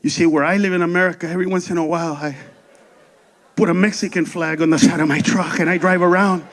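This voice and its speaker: A smug, cheeky immigrant man voiced by a man in a comedy set boasts in a lowered, quiet voice. He mocks and one-ups with crude lines. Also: steady tone, fast. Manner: crude, mocking one-upmanship.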